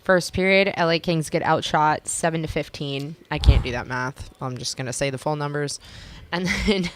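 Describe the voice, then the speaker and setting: A woman's voice: low-pitched, moderate pace, a little hiss or hum. A woman co-hosting a live hockey watch-along in a studio, breezy as she reads out shot and point numbers. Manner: breezy, laughs while reading numbers. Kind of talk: casual live chat. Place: team studio.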